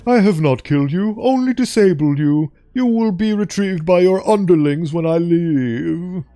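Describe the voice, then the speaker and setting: A man's voice: sits high, dark tone, dry recording, soft background music. Man doing a posh ancient lizard monster. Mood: cold, formal. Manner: formal, measured, posh diction. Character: posh ancient reptilian monster, horse of Death.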